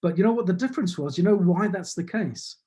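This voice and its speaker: Man, New Zealand accent, motivational speaker, slightly high, mellow tone, earnest. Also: lively intonation, quick pace. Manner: earnest, repetitive building phrases. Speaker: business speaker. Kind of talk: motivational talk.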